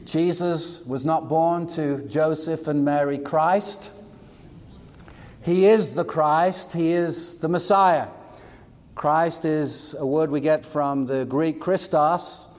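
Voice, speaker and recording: A man's voice: on the high side, a little mellow, in a large hall. A male pastor preaching a sermon in an emphatic, expository way with asides.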